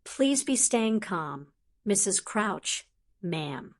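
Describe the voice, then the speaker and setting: A woman reading an audiobook, voicing a small, timid female house elf who speaks softly and deferentially. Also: medium pitch, very animated, drawn-out words.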